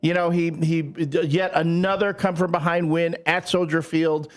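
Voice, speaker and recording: A man's voice: on the high side, little pitch movement, normal speed. A man co-hosting a morning radio show from a studio, chatting casually and teasing rivals with mocking banter. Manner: teasing, mocking rival fans in exaggerated put-on voices.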